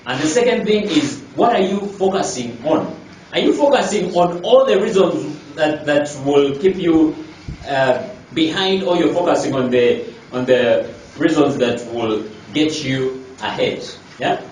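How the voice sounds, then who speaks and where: A man's voice: on the high side, expressive, a little slow, a little mellow, slight background noise. A man working as a life coach, giving an emphatic motivational talk to a group, repeating his key lines and asking rhetorical questions. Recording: echoey room, distant mic.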